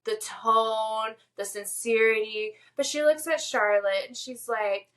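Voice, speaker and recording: A woman's voice: a little high, steady tone, unhurried, a bit bright. A woman co-hosting a podcast, recapping an episode in casual chat full of filler words. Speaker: podcast co-host.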